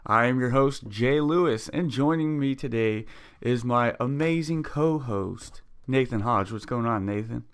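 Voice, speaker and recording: A man's voice: medium pitch, measured pace, clear, resonant tone. A man hosting a casual gaming podcast, upbeat and chatty, with plenty of fillers. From Scottish heritage. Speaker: podcast host.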